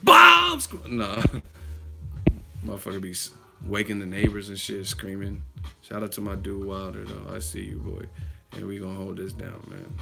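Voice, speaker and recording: A man's voice: low voice, completely flat delivery, moderate pace, gravelly. Brash man ranting about boxing. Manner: brash, trash-talking, laughs often. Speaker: vlogger. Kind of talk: casual boxing commentary. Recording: music playing underneath.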